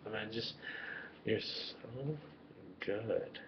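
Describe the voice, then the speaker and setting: A man's voice: lowish voice, fairly even intonation, unhurried, lo-fi sound, noisy background. Rambling lovestruck man on a webcam. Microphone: webcam microphone.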